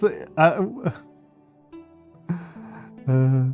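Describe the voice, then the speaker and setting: Middle-aged male streamer, slow and chatty, faint music under the voice. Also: mid-range voice, expressive, darkish tone. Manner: slow, chatty, laughing often, with many fillers. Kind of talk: casual live-stream chat.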